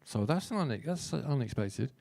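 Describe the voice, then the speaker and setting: A man's voice: mid-range voice, very animated, normal speed, creaky, darkish tone, no room sound. A man, a singer-songwriter, telling wry, self-deprecating stories between songs at a small live show.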